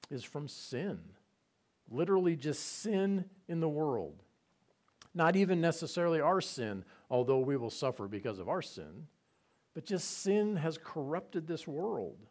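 A man giving a conversational Bible teaching, relaxed and asking his listeners rhetorical questions. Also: fairly high pitch, unhurried.

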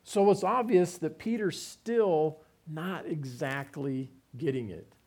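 A man's voice: on the high side, takes it slowly, darkish tone. A man giving a conversational Bible teaching, reading passages aloud and explaining them with informal asides.

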